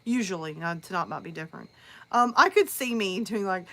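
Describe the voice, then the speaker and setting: A woman's voice: mid-range voice, lively intonation, moderate pace, sharp tone. A woman who narrates horror, chatting casually on a live stream and telling a story in a rambling way.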